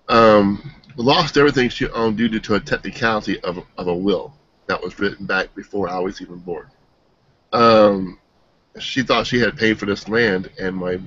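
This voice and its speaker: A man's voice: on the low side, fairly bright tone, no echo. Brief: earnest man, emotional testimonial, stop-start delivery, muffled dry lo-fi audio. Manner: earnest and emotional, halting with many restarts. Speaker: team member giving a testimonial. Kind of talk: personal testimonial. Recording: dull, dry lo-fi sound.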